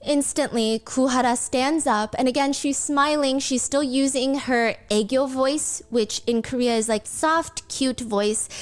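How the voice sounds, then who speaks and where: A woman's voice: high voice, measured pace, few pauses. A woman hosting a reaction video, recapping a TV clip and earnestly explaining the cultural context with sympathy. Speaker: reaction channel host.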